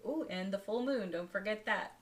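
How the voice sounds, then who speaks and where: Speaking at a medium pitch over slight background noise, a woman leads a daily spiritual tarot reading. Her manner is soothing and leisurely, and soft laughs come between the cards.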